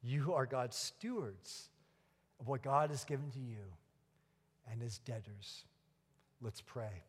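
A man preaching a sermon as pastor, emphatic, with dramatic pauses and pointed questions. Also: medium pitch, husky. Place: church sanctuary. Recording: long reverb of a church hall.

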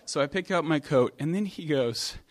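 A man preaching a sermon, from New York, telling stories in a relaxed, conversational way with pauses and restarts. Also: fairly high pitch. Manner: conversational storytelling with hesitations. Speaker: pastor.

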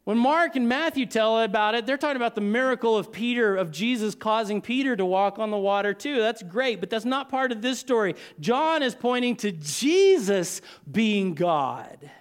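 A male pastor preaching a sermon dramatically, swinging from loud lines to hushed ones with long pauses. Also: sits high, animated, clear, resonant tone.

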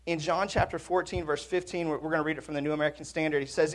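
A man's voice: fairly high pitch, fairly even intonation, rapid-fire, few pauses. A man preaching a conversational sermon in a church, with jokes and asides to the congregation. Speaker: pastor. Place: church sanctuary.

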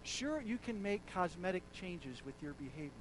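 A man preaching a sermon, dropping to hushed tones and then rising to loud, emphatic declarations. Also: high voice, big pitch swings, moderate pace, noisy background.

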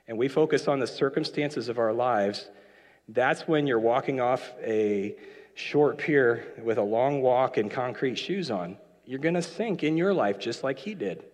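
A man preaching a casual, conversational sermon with joking asides, now and then acting out quoted lines. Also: medium pitch. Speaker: pastor. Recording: long hall reverb.

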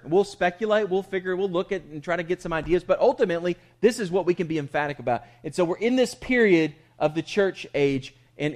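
A man with a fairly high voice preaches from the pulpit. He talks conversationally but turns emphatic, asking questions and then answering them himself. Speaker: pastor. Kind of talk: sermon.

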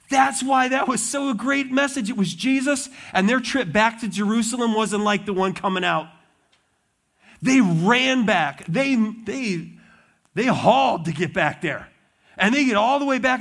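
High-voiced animated male pastor. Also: normal speed. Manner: animated storytelling, acts out voices of the disciples. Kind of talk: sermon.

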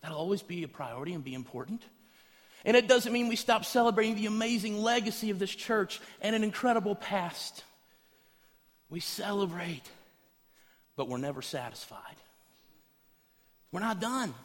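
A man preaching a sermon as pastor, telling stories with animated, acted-out voices. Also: high-pitched, moderate pace, pauses often. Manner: animated storytelling, acts out voices in anecdotes. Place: large church hall. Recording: echoey hall, preached from a stage.

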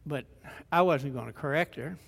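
High-voiced older man preaching in an echoing hall. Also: normal speed, vocal fry, husky. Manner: folksy, conversational preaching with repeated restarts, building to fervent emphasis. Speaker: pastor. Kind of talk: sermon.

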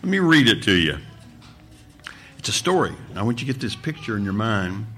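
A man, a pastor, reading a story aloud with expressive delivery during a sermon. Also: on the low side, fairly quick, soft background music. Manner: expressive storytelling, voices the characters.

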